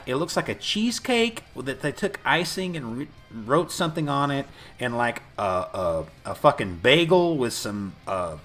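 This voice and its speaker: A man casually recapping a movie with a co-host, swearing and acting out the characters' lines. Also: mid-range voice. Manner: profane, animated retelling with quoted voices. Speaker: podcast co-host.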